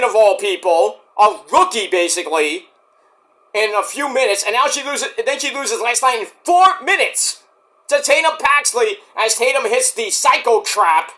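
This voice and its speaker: A man casually reviewing a wrestling show on his own, talking in an animated way, swearing often and breaking into shouted impressions. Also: high voice, a little slow. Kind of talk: casual solo review rant.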